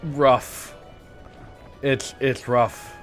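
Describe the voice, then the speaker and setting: A man's voice: medium pitch, little pitch movement, very slow, faint music behind. A young adult man, a gaming video host, casually joking and rambling through let's play commentary. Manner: joking, meandering, playful.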